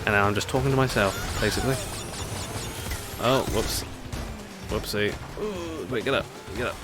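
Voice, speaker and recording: A man's voice: fairly low pitch, fairly even intonation, normal speed. A man streaming a racing game live, rambling chattily and laughing often at his own jokes. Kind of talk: live gameplay chat. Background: game music.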